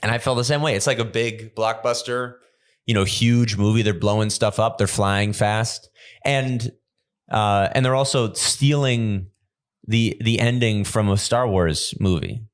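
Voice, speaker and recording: Rambling young comedian, animated storytelling. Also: male voice, fairly low pitch, measured pace. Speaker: podcast host and stand-up comedian. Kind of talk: casual comedic chat.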